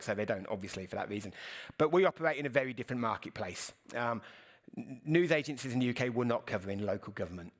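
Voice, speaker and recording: A middle-aged man from the UK speaks on a conference panel in a mid-range voice. Rapid and earnest, he frequently breaks off and restarts his sentences to correct himself.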